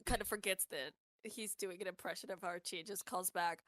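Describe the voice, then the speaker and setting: A woman playing a tabletop game, narrating her character's actions with animated storytelling. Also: fairly low pitch, a little fast, dry recording. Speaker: player. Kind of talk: tabletop role-play chat.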